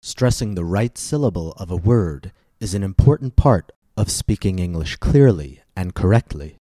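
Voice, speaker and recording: A man presents a scripted English pronunciation podcast in a very low, mellow voice. He speaks slowly and deliberately, enunciating every syllable. The recording is dry and close, with no room sound. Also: expressive, no echo.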